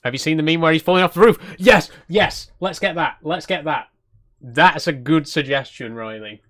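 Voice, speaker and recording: A man's voice: a little high, fairly quick, a bit bright. Chatty, self-deprecating man streaming a game. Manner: chatty, laughing, reads out chat suggestions; self-deprecating, trails off and restarts. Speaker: streamer host. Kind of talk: casual livestream commentary.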